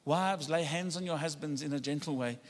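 A man's voice: on the high side, fairly quick. A man preaching a sermon as pastor, rousing his congregation to join in spoken declarations. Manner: rousing, leads congregation in call-and-response declarations. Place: church sanctuary. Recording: church hall with long reverb.

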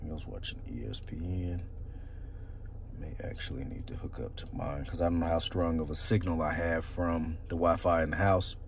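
Sitting in his car, a car audio reviewer casually demos a stereo, rambling and hesitating with lots of fillers. His voice is low-pitched with vocal fry, he talks at a normal speed, and there's noise in the background.

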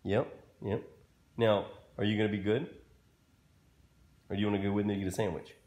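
A man's voice: on the low side, level tone, a little fast, darkish tone, a little hiss or hum. A man talking to his pet dog in a casual home video, with playful mock-scolding and back-and-forth as if the dog answers him. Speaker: dog owner.

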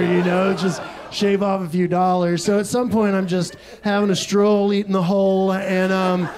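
High-voiced young Texan man doing stand-up. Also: crowd noise, noisy background. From Texas. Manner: deadpan absurd storytelling with quick asides. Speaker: stand-up comedian. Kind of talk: live stand-up set. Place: comedy club stage with audience laughter.

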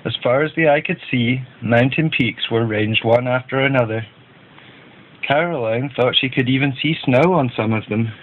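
A man narrating a children's storybook in a gentle, even read-aloud manner. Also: medium pitch, normal speed. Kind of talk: storybook reading. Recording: tinny phone-like band.

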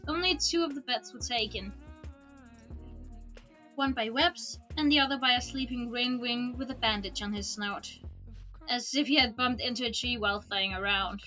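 A woman streamer reading a book aloud in a relaxed way, dropping small casual asides. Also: on the high side. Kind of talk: storybook read-aloud.

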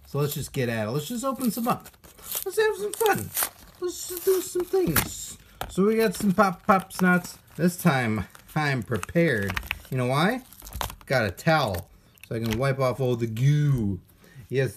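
A man's voice: medium pitch, slight background noise. Chatty man hosting a live unboxing. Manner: chatty, rambling, talks to viewers. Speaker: toy unboxing host. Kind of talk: casual live-stream chat. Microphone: phone camera.

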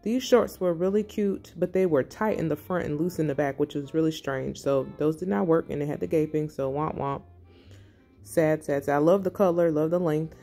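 A middle-aged woman narrating her fashion haul in a quiet, breathy, relaxed ASMR-style voice-over. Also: low voice, a little fast, few pauses, soft background music. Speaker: fashion vlogger.

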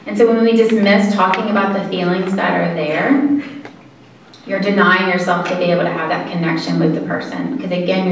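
A woman's voice: fairly low pitch, a little hiss or hum. Echoey woman lecturing from afar. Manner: conversational, earnest, halting pauses. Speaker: caregiving presenter. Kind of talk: informal lecture to an audience. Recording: echoey room from far mic.

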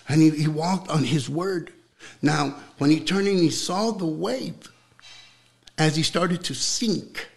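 A young man preaching with fervor in an interview, repeating words as he builds, then dropping to a hushed voice for prayer. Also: fairly high pitch, moderate pace, gravelly.

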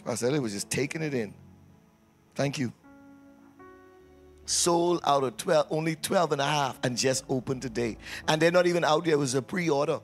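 Playful pastor leading a church service. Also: male voice, fairly high pitch, moderate pace, long pauses, soft background music. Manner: playful, teasing, call-and-response with congregation. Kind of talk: church service announcements and prayer. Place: church sanctuary.

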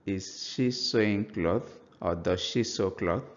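Male language teacher, low voice, unhurried and patient, dull lo-fi sound. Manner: slow, patient explanations, spelling out example phrases. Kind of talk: language lesson.

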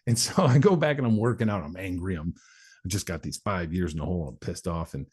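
His voice sits low and comes out a little mellow and slightly rough, expressive and quick. He's a man in his forties, a motivational speaker guesting on an interview show, openly telling his life story while acting out others' voices.

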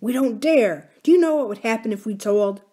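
A woman voicing a sly, manipulative boy who talks in a low, secretive, taunting way during a book reading. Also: lively intonation, fairly quick, warm tone, lightly acted.

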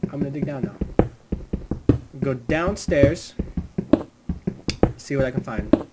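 A man's voice: medium pitch, slow, heavy background noise. A man giving rambling, jokey let's-play commentary, chatting to the animals in his game. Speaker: gamer. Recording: loud music under the voice. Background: loud music.

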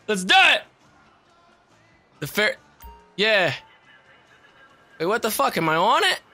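A young man talks over his gameplay in a high, very bright voice. He is loud and excitable, swears freely and laughs often as he comments. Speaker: gaming video host. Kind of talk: let's play commentary.

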